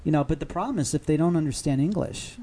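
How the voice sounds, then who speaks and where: Rambling profane man, slightly high voice. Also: quick pace, dark tone. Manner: rambling, profane, laughs while ranting. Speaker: podcast guest. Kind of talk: casual comedy chat.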